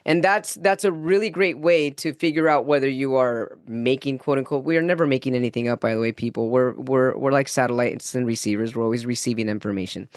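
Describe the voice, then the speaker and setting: A man guesting on a podcast, telling an earnest personal story in a casual, animated way, acting out his own inner dialogue and laughing easily. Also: mid-range voice, brisk, hardly any pauses, no echo, studio quality. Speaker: guest spiritual channeler.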